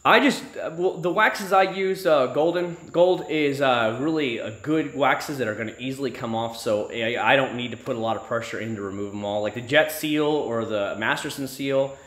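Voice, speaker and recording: Bright-voiced Florida man ranting casually. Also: medium pitch, moderate pace, hardly any pauses. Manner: chatty, profane storytelling with exasperated asides. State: married. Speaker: YouTube channel host. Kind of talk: casual livestream chat.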